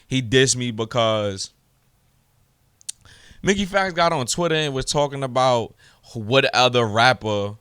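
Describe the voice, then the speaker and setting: Dude ranting on his podcast, cussing, gets loud, dead dry mic sound. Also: medium pitch, unhurried, long pauses, smooth, no echo. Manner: heated, profane, rising to shouts when ranting. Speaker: podcast host. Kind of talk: solo podcast rant.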